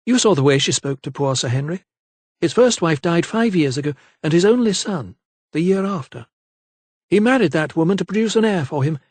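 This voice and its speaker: A man doing a brusque, bitter young gentlewoman. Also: a little high, expressive, brisk, no room sound, pitched above the performer's own voice. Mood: firm, bitter. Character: proud, agitated young gentlewoman. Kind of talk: audiobook character voice.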